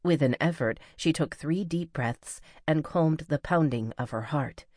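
A woman narrating a novel as an audiobook reader, in a measured, even storytelling manner. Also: low-pitched, no room sound, clean studio sound. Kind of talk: scripted narration.

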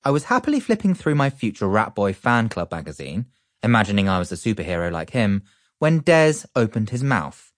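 A man reads a children's story in a playful, lively voice. His voice is low but bounces all over. The recording is dry and close. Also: fairly quick, dry recording. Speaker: audiobook reader. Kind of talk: animated children's book narration.

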